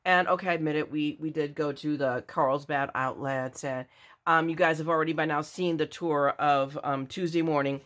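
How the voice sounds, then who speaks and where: A woman's voice: sits low, steady tone, moderate pace, a bit bright. An older woman from Latin America, chatting casually and rambling as she unboxes craft supplies for her vlog. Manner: chatty, rambling, frequent restarts. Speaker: craft vlogger.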